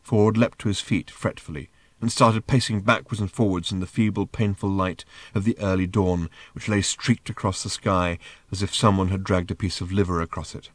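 A man's voice: deep voice, steady tone, moderate pace, dry recording. A man reading an audiobook aloud in a dry, understated narration.

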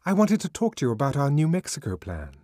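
A breezy young woman who coaxes and teases in a bright, lifted voice, as a male narrator puts her on. Her lines swing lively in a dry, close audiobook reading. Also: a little high, quick pace, dry recording, voice pushed up.

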